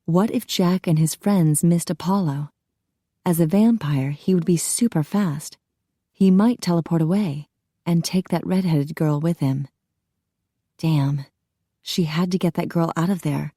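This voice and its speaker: A woman narrating a romance audiobook in a measured storytelling manner, on a close studio mic. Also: on the low side, dark tone, dry recording. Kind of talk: scripted narration.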